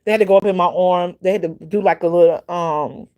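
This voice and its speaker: A woman's voice: fairly low pitch, fast, a little mellow. Rambling woman livestreamer. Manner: rambling, repetitive storytelling with many fillers; greets viewers by name mid-story. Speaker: livestream host. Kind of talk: casual livestream chat.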